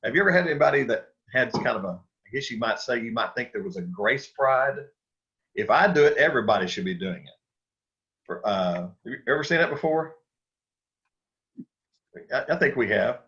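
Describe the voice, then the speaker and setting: A man's voice: medium pitch, animated, normal speed, pushed and bright, lo-fi sound. A man teaching a church Sunday school class, talking casually with restarts and questions to the group. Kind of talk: Bible study lesson.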